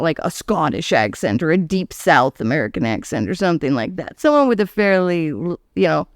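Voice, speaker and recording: A woman's voice: fairly low pitch, clean tone, no room sound, studio quality. A woman guesting on a podcast, chatting casually about an old horror film and laughing as she talks. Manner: chatty, laughs while talking.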